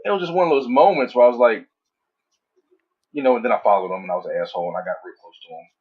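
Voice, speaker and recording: Profane, animated man on a dull, husky mic. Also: medium pitch, rapid-fire. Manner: animated storytelling with heavy swearing. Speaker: podcast co-host. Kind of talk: casual chat. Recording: dull lo-fi audio.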